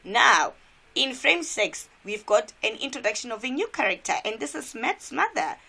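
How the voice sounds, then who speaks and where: A woman's voice: fairly high pitch, sing-song, moderate pace, gravelly, bright, forceful tone. A woman from South Africa, an English teacher, walking students through a cartoon step by step in a revision lesson and asking them questions.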